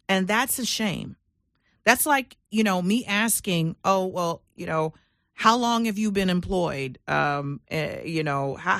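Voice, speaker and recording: Energetic lady hosting a business show, dry studio sound, lots of ums and restarts. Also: mid-range voice, no room sound. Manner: emphatic, energetic, with fillers and restarts. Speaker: radio show host. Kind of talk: business talk show monologue.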